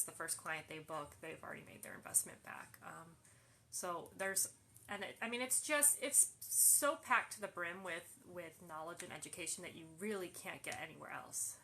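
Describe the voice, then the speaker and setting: A woman's voice: on the low side, pushed and bright, a little hiss or hum. A woman hosting a casual live Q&A, reading viewer questions aloud and answering them with plenty of fillers. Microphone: phone livestream.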